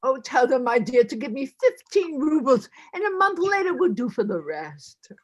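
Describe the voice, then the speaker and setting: A woman's voice: high voice, big pitch swings, normal speed. Woman playing a whining old widow. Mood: pleading. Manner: whining, tearful pleading. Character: pleading elderly widow petitioner. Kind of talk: stage play reading.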